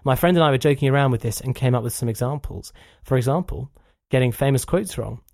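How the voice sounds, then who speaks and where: A man's voice: mid-range voice, fast talker, no room sound, studio quality. A man co-hosting a podcast in casual chat, reading out listener emails and laughing often. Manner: animated, laughs often, reads emails aloud.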